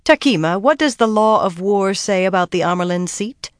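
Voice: mid-range voice, lively intonation, moderate pace, no room sound, studio quality, voice pushed up, natural voice. A narrator voicing a firm young woman leader cutting in with a pointed question. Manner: firm, interrupting.

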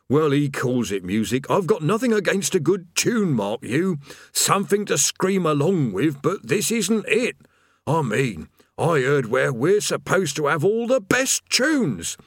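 A put-upon male demon guarding hell's door, voiced by a man grumbles in a mournful, plain-spoken way. The voice sits noticeably higher than the reader's own and swings up and down in pitch. It is read close and dry, like an audiobook. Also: big pitch swings, measured pace, dry recording, heavily acted. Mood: mournful grumbling. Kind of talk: audiobook character voice.

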